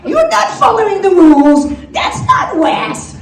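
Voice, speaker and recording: A woman's voice: very high-pitched, wildly swooping pitch, unhurried, pitched above the performer's own voice, heavily acted. A woman voicing a frantic, whiny little boy pupil who squeals and pleads with his teacher. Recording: roomy live stage sound from a distance, audience audible.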